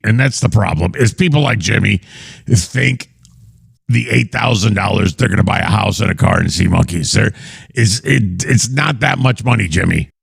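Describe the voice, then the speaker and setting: A man hosting a comedy talk show, mocking his guests with big swings in pitch. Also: normal speed, creaky, breathy edge, no echo, studio quality. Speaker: host.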